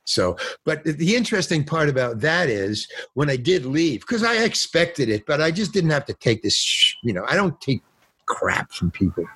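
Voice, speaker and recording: A man's voice: on the high side, very animated, moderate pace, pushed and bright, husky, dry recording. An older actor telling rambling anecdotes in a casual interview, acting out the lines of people he quotes. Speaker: actor and guest.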